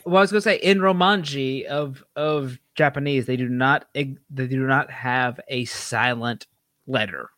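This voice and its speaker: A man's voice: medium pitch, a little slow, pushed and bright. A man co-hosting a casual podcast, teasing the others with jokes. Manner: teasing, joking. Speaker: podcast co-host. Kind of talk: casual chat.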